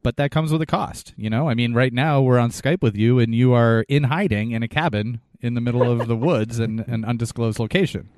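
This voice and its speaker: A man's voice: mid-range voice, brisk, hardly any pauses, darkish tone. A man co-hosting a podcast, asking earnest, rambling questions in casual chat. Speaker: podcast co-host.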